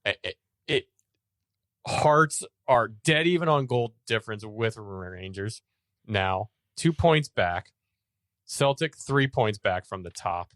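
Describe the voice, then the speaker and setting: A man's voice: fairly low pitch, animated, slow, fairly bright tone, dry recording. Enthusiastic man talking football, dry sound. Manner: enthusiastic, stumbling restarts. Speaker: podcast co-host. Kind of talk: casual sports chat.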